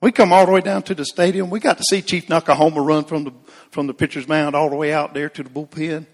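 A man preaches in an easygoing, storytelling way, turning to name people in the pews as he goes. His voice sits a bit high and rings out with a long echo through the sanctuary. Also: steady tone, fast talker. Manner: folksy, addresses congregation members by name. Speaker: Baptist pastor. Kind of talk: storytelling sermon.

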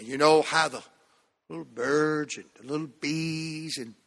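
A man from the American South preaching a sermon to a church, shifting between loud shouts and hushed, drawn-out phrases. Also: a little high, steady tone. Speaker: pastor. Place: church sanctuary. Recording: long hall reverb.

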